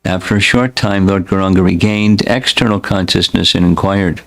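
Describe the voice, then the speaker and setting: Man, spiritual teacher, scripture reading, deliberate, devotional, low voice. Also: steady tone, vocal fry, a bit bright, rough recording.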